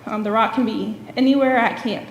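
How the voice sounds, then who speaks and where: A woman's voice: on the high side, steady tone, a little fast, creaky, muffled recording, slight background noise. A woman, a camp director and guest speaker, giving a church message as earnest storytelling full of "um" fillers. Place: church sanctuary. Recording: echoey church hall with long reverb.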